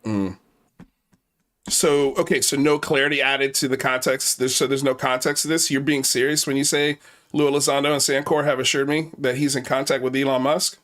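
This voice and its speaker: This male host talks in a loose, casual commentary style. He is mocking and profane, swearing often as he reacts. His voice sits at an ordinary middle pitch. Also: fairly even intonation, moderate pace, fairly bright tone.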